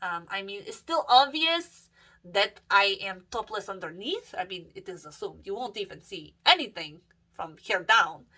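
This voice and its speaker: Bright, profane young woman vlogger. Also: medium pitch, very animated, normal speed. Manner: profane, rambling, many fillers and self-corrections. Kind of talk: casual rambling vlog monologue.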